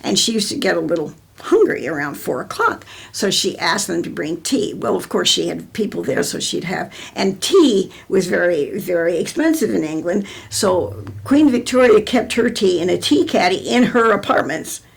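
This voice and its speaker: Older American woman, gravelly husky voice. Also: on the low side, lively intonation, normal speed, hardly any pauses. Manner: rambling storyteller with many restarts. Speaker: interviewee. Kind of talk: oral history interview.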